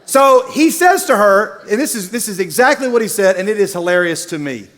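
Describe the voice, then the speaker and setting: High-voiced animated man telling a story. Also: brisk. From Middle Tennessee. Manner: animated, comic storyteller who acts out characters. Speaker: speaker at a university gathering. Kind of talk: storytelling sermon.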